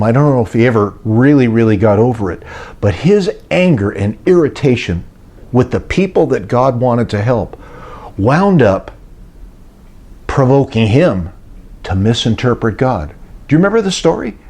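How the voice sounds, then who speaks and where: A man's voice: mid-range voice, lively intonation, moderate pace, darkish tone. An older man preaching and retelling a story, acting out the voices of those he quotes. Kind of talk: sermon-style teaching talk.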